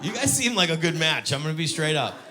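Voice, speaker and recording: A male stand-up comedian performing a set on stage, acting out characters with sudden high-pitched shouts. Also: big pitch swings, quick pace. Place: comedy venue with audience.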